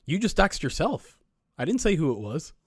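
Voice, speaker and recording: A man's voice: a little high, darkish tone, slightly rough, no echo, studio quality. A man hosting a live stream in casual chat, reading viewer comments and rambling as he often restarts his sentences. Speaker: streamer host.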